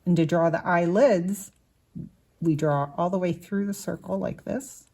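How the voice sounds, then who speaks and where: A woman's voice: on the low side, unhurried, mellow, slightly rough. A woman teaching young children to draw, patiently explaining each step as she draws. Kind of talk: slow drawing lesson for children.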